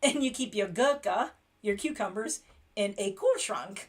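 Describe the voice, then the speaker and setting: A woman's voice: medium pitch, lively intonation, measured pace. Chatty woman livestream host, laughing often. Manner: chatty, laughs often, reads German phrases aloud. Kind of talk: casual livestream chat.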